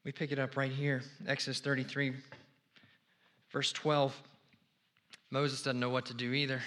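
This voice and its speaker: A male pastor preaching a sermon, acting out prayers with swings from loud pleading to hushed whispers. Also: mid-range voice, level tone, normal speed, long pauses.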